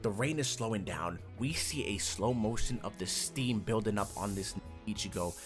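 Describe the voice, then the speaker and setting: A young man casually reviewing an anime, talking in animated bursts that jump loud and excited. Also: lowish voice, moderate pace, music in the background.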